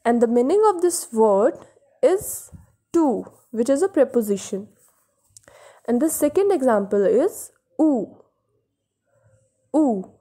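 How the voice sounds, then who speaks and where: A young woman giving a beginner French lesson, slowly repeating each example word and explaining its meaning plainly. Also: a little high, mellow. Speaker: French teacher. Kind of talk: slow beginner language lesson.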